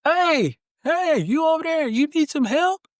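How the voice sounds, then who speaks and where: A man voicing friendly boat crew offering help, calling out in a high, bright put-on voice. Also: expressive, a little slow, no room sound, studio quality.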